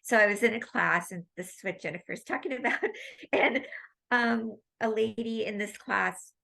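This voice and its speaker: A woman guest in an interview, telling long stories in a rambling, animated way. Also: medium pitch, normal speed, vocal fry. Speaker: guest, medical intuitive medium. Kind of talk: casual storytelling interview.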